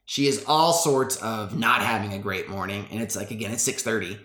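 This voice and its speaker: A young man tells a story in a loose, chatty way, peppering it with "like" and "bro" as he talks to his listeners. His voice is bright and forward. The sound rings a little, as if he is in a room with hard walls. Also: on the low side, a little fast, echoey room. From Texas. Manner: chatty, laid-back, full of "like" and "bro". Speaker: podcast host.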